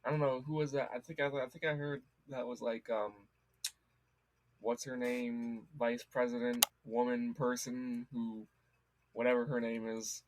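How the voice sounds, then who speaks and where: A teenage boy chatting with a friend, jokey and quick to laugh. He now and then bursts in loudly to make a point, while his pitch stays ordinary for a young man. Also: flat delivery, a little hiss or hum, low-quality recording. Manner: joking, quick to laugh, loud outbursts. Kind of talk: casual chat.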